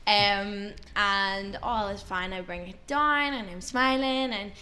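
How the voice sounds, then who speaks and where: A woman telling an anecdote in casual chat, animated and acting out quotes. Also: mid-range voice, slow pace. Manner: animated, laughing, acts out quotes. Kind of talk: casual storytelling.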